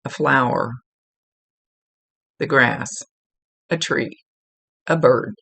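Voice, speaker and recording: A woman's voice: rumbling low, extremely slow, vocal fry, bright, forceful tone, slightly rough. A woman working as a psychic medium, giving a casual, rambling reading and often correcting herself mid-sentence. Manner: chatty, rambling, self-correcting.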